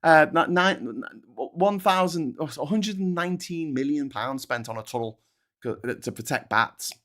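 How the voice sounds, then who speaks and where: A man delivers a heated, sarcastic rant, swearing freely and tripping over restarts. His pitch swings widely as he talks. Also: lively intonation, unhurried, fairly bright tone. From Liverpool, England. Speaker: vlogger, channel host. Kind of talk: casual ranting monologue.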